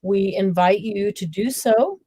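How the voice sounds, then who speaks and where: A woman's voice: mid-range voice, a little slow, warm tone, breathy edge, no room sound, poor audio. A woman co-hosting a casual crafting livestream, chatting and laughing easily with friends on a video call. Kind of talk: casual chat while crafting.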